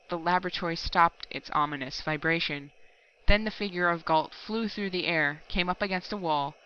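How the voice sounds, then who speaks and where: A woman narrating a science fiction story aloud in a steady, measured audiobook reading. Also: on the low side, clean tone, dull audio. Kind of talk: scripted narration.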